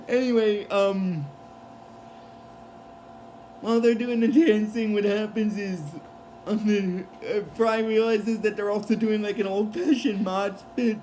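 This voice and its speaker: A man with a high voice recaps a cartoon episode in a loose, casual way. He rambles, restarts sentences and leans on fillers. A faint hiss sits under the recording. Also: fairly even intonation, takes it slowly, warm tone, rough recording. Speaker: show recap vlogger.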